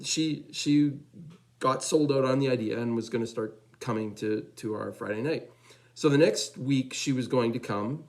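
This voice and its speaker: A man giving a storytelling testimony at church, animated and chatty, acting out the dialogue of the people in his story. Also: medium pitch, low-quality recording. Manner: loose and chatty, repeats fillers. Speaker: church member giving a praise report.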